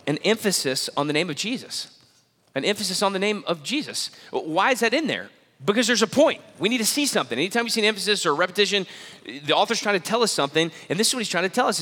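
Male preacher, high bright voice, emphatic and repetitive, church hall with long reverb. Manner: emphatic, repeats key phrases, quick restarts. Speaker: pastor. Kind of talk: sermon.

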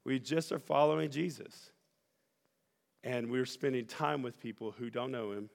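A man preaching a sermon as pastor, earnest and building to loud, emphatic peaks. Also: mid-range voice, moderate pace, vocal fry. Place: church sanctuary. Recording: church hall reverb with soft music.

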